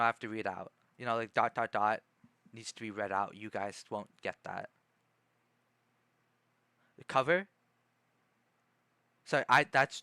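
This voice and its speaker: A man's voice: medium pitch, pushed and bright, smooth, no echo. A man streaming casually, reading a book aloud and rambling with many self-corrections.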